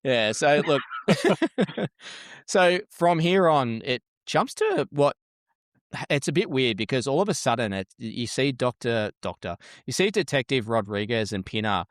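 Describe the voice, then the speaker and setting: A man's voice: mid-range voice, expressive, measured pace, no echo, studio quality. A man hosting a podcast, blunt and jokey, swearing freely. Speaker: podcast host. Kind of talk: casual podcast chat.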